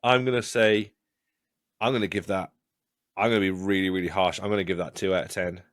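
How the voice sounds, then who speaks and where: Low-voiced man, blunt and sweary. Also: steady tone, a little fast, fairly bright tone, no room sound, clean studio sound. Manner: blunt, swears freely, stumbles and restarts. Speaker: podcast co-host. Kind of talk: casual watch-along chat.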